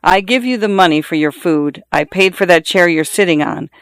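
A pompous middle-aged husband lectures and scolds in a grand, sonorous tone, put on by the audiobook narrator. The voice is raised, overbearing and self-important. The sound is dry and close, with no room around it. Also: male voice, high voice, normal speed, fairly bright tone, clear, resonant tone, no echo. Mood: lecturing. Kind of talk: audiobook character voice.

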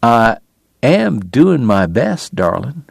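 A man voicing a dying gentleman who speaks softly and tenderly, with weary resignation. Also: medium pitch, big pitch swings, takes it slowly, gravelly, breathy edge, no echo, clean studio sound, full character voice. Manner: soft, hushed, gently resigned.

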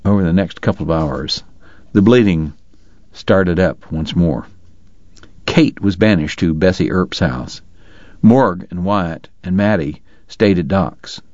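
A male audiobook narrator reads in a measured, even way with a lowish voice. The recording is dry and somewhat dull, with no room sound. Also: dry recording. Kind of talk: scripted narration.

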